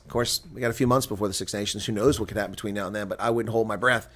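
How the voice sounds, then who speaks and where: A man doing live play-by-play and reaction for a rugby match, who builds to shouting on big plays, then drops to relaxed, chatty talk and replies to viewer chat. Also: on the low side, rapid-fire, hardly any pauses. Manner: reads out and answers viewer chat.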